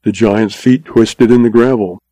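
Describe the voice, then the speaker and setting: A man narrating a western audiobook in a steady storytelling voice. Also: on the low side, a little slow, no echo, rough recording.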